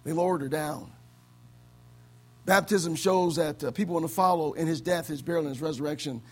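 A man from the States preaching a sermon as pastor, swinging between loud exclamations and low, quiet stretches. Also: fairly quick. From United States.

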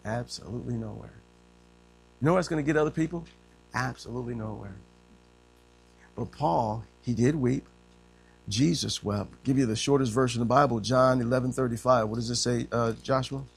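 A man preaching a sermon in a conversational way. He often says amen and voices quotes by pitching up. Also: moderate pace, vocal fry, pauses often. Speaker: pastor.

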